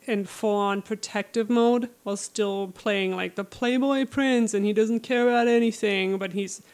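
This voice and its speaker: A woman co-hosting a casual book chat, telling the plot with lively acted-out quotes. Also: mid-range voice, normal speed, smooth. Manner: animated storytelling, acts out lines in quotes. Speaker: podcast co-host recapping a book.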